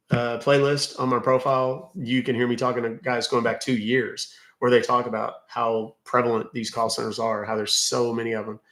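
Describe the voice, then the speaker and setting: A man with a Southern American drawl talks loosely to his livestream viewers, thanking them and wandering through stories with plenty of fillers. His voice sits at an ordinary middle pitch. The room around him adds a noticeable echo. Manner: chatty, drawling, many fillers. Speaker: livestream host. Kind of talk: casual livestream chat reading comments.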